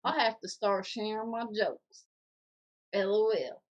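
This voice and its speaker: A woman co-hosting a casual podcast, reading viewer comments aloud in a jokey, animated way. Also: medium pitch, measured pace, dull audio.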